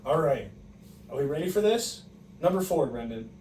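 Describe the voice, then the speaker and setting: A young man co-hosting a casual podcast, reading quiz questions in a teasing, animated way and laughing often. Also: fairly high pitch, moderate pace. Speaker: podcast co-host, quiz reader. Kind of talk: casual chat. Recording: echoey room, distant mic, faint noise.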